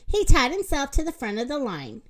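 A woman reading a children's picture book aloud in a slow, expressive way. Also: high voice. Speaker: storyteller.

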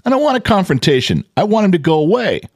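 A man's voice: high-pitched, quick pace, no echo, clean studio sound. A man co-hosting a podcast, telling a story in casual chat, cursing and acting out what people said. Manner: animated, profane, acts out quotes loudly. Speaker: podcast co-host.

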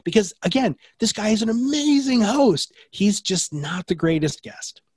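Fast, enthusiastic man with a dry sound. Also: high-pitched, big pitch swings, darkish tone, husky, no echo. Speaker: podcast production company owner. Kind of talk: energetic interview answers.

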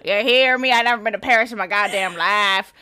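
A woman voicing a brash, rough-talking cowgirl from Texas who brags in a low, cussing drawl. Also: fairly quick, sharp tone, natural voice. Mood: boastful.

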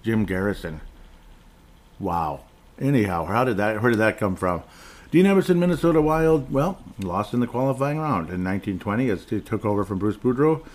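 Middle-aged guy doing a solo sports podcast, kinda low voice, wanders off topic, clears his throat a lot. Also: expressive, moderate pace. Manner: rambling, digressive, jokey. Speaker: podcast host. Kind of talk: casual solo sports talk.

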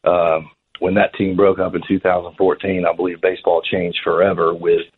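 A man with a low, husky voice tells a rambling story, tripping over restarts as he goes. He sounds thin and tinny, as if he is coming through a phone line on radio. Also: little pitch movement, moderate pace. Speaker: former baseball pitcher, guest. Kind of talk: storytelling interview answer.

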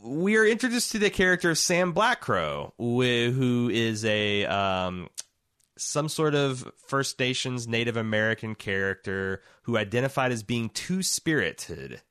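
A man co-hosting a casual podcast chat, talking in halting phrases full of fillers. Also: medium pitch, animated, fairly bright tone, smooth, dry recording, clean studio sound. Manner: halting, heavy on "like". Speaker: podcast co-host.

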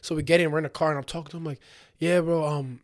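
A man's voice: on the high side, flat delivery, rapid-fire. A young man animatedly telling a story in casual slang, acting out what people said.

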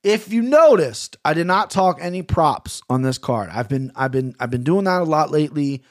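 A man's voice: fairly high pitch, lively intonation, normal speed, dry recording, clean studio sound. A man hosting a casual fight-picks podcast, talking in a laid-back, rambling, self-deprecating way. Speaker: podcast host. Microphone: podcast mic on camera.

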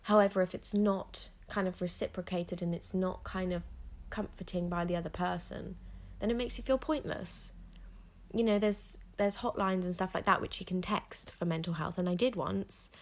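Teen girl podcast host, lowish voice, candid, rambly, lots of fillers. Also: fairly even intonation, normal speed. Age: teens. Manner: frank, rambling, heavy on "like" fillers. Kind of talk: candid solo podcast monologue.

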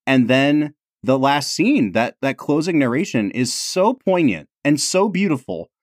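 An animated man co-hosts a podcast in casual chat, his pitch swinging widely as he talks emphatically and laughs often. The sound is dry and close, with no room echo. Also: a little slow. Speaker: podcast co-host.

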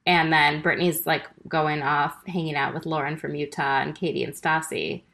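A woman's voice: sits low, flat delivery, moderate pace, fairly bright tone, slight background noise. A woman co-hosting a casual chat, talking in a chatty, exasperated way as she recaps events. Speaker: podcast co-host.

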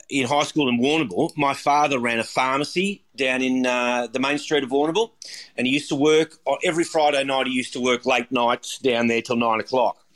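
A middle-aged chef and restaurateur giving rambling, upbeat interview answers full of ums and restarts. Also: male voice, medium pitch, a bit bright. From Australia.

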